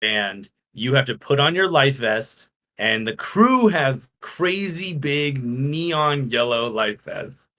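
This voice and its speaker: A man's voice: medium pitch, lively intonation, slow, few pauses, bright, forceful tone. Male podcast co-host, easygoing, rambling explainer. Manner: easygoing, explains in long run-on stretches. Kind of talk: casual chat.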